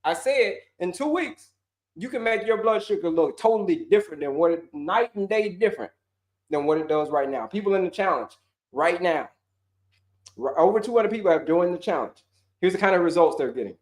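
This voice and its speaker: A high-voiced man hosts a live wellness stream, answering questions from the chat. He talks in an energetic, slangy way, says his points over and over and acts out voices. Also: a little fast. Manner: animated, slangy, repeats himself, acts out viewers' voices. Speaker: wellness coach hosting a livestream.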